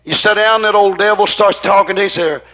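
This is a man preaching in church, his voice high and bright. He hammers phrases over and over in a fiery rhythm, surging loud and then dropping low. He sometimes moves away from the microphone, so his voice sounds distant. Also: fairly even intonation, fast, muffled recording. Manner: rhythmic, repetitive, rising and falling in intensity. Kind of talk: fiery sermon.

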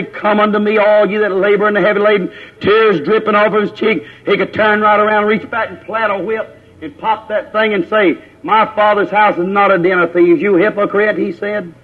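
Fiery high-voiced preacher. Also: male voice. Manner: fiery and scolding, mocking in quoted voices. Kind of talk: fiery Pentecostal sermon. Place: church. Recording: old dull lo-fi sermon tape.

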